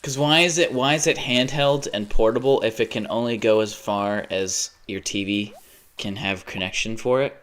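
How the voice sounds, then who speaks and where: A man's voice: fairly low pitch, moderate pace, fairly bright tone. Rambling, jokey young American man. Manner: rambling and jokey, laughs often, slips into silly voices. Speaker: live streamer. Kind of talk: casual live-stream chat.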